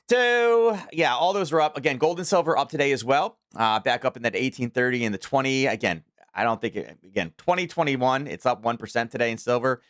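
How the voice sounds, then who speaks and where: A man's voice: medium pitch, a bit bright, no room sound. Man, casual trading stream host, rambling and chatty, dry close sound. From Maryland, USA. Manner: chatty, rambling, many fillers and restarts. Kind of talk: casual live market commentary.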